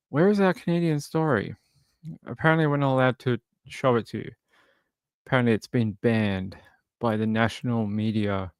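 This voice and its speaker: A man's voice: medium pitch, fairly bright tone, clear, resonant tone, no echo, clean studio sound. Joking man hosting a live stream. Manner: joking, rambling, chats with viewers. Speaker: true crime livestream host. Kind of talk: casual live-stream chat.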